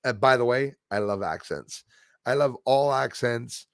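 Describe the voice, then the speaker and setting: Gravelly male stream host, rambling and hesitant, fillers and restarts, dry mic. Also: medium pitch, unhurried, fairly bright tone, no echo. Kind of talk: casual live stream chat.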